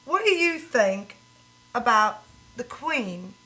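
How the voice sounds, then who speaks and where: A brassy, rambling London lady who fancies herself a New York rocker, played by a woman in a comedy sketch. Her voice is bright and set a little high. She talks in a defiant, self-mocking way. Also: sing-song, slow, exaggerated voice, poor audio. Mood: chatty. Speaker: sketch character.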